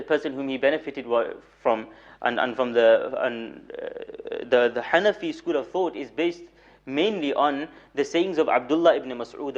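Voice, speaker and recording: A young man lecturing in a mosque as a moulana, telling stories with light humor, repeating words for emphasis and reciting Arabic rapidly. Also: mid-range voice. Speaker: moulana giving a weekly lecture. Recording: dull lo-fi recording.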